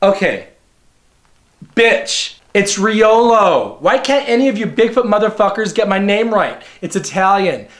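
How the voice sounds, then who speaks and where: A man's voice: high-pitched, animated, normal speed, fairly bright tone. A man hosting a comedic video commentary show, talking in a sassy, catty, campy way. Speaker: show host.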